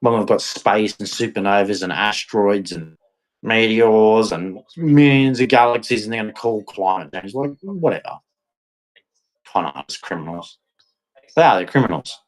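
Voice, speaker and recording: A man's voice: fairly low pitch, expressive, moderate pace, low-quality recording. A man ranting bitterly to camera, repeating "man" and "right" as he vents. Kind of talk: angry monologue to camera.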